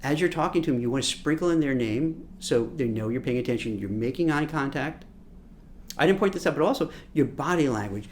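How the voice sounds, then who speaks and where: A man from Brooklyn, a recruiter, giving a lively coaching lesson on job interviews, often repeating words and acting out what people say. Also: mid-range voice, brisk, slight background noise. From Brooklyn, New York. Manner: animated, repeats words, acts out quotes. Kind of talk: coaching masterclass talk.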